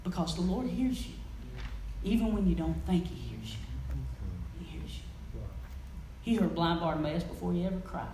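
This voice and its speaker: A woman preaching a sermon in a church, swinging from loud calls to near-whispers. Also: on the low side, sing-song, moderate pace, pauses often. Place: church sanctuary. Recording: echoey church with faint noise.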